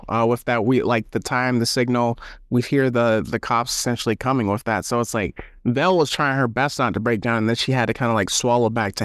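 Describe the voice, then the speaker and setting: Man, podcast host, casual recap, mid-pitched voice, dry close sound. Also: a little fast, no echo. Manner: animated retelling with acted quotes and laughs. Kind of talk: casual review chat.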